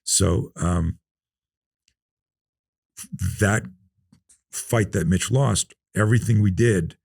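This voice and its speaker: A man in his fifties, a self-defense instructor, telling stories in a relaxed podcast interview and acting out the dialogue. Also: fairly low pitch, extremely slow, gravelly, no echo, clean studio sound. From North America. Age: 50s. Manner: relaxed storyteller who acts out quoted dialogue. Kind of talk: casual storytelling interview.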